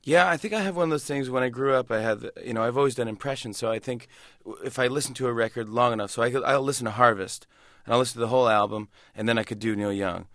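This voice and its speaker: A man in his forties telling an anecdote in a casual interview, animated and slipping into quick voices of others. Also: medium pitch, dry recording, studio quality. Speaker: talk show host and impressionist.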